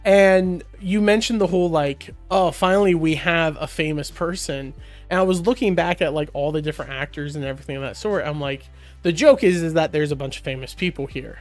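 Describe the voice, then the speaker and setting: A man with a slightly high voice rambles through a casual podcast chat, full of fillers and false starts. Faint music sits under his voice. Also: quick pace, a little mellow. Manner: rambling, lots of fillers and restarts. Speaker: podcast co-host.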